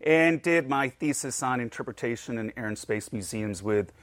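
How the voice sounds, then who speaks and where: A man's voice: mid-range voice, moderate pace, fairly bright tone, no room sound. An American man answering interview questions about his museum career, easygoing and a little rambling. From United States. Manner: easygoing, rambling, laughs often. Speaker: museum director of collections.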